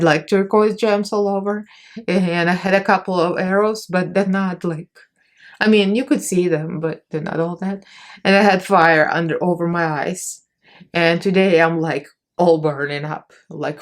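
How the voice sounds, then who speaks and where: A woman makeup artist chatting casually in a vlog, rambling and poking fun at herself as she talks through a tutorial voice-over. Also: fairly low pitch. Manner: chatty, rambling, self-mocking.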